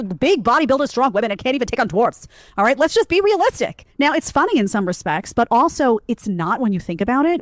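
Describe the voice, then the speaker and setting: Lower-voiced woman telling a casual story, chatty, dry close sound. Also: no room sound. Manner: chatty, laughing, emphatic asides.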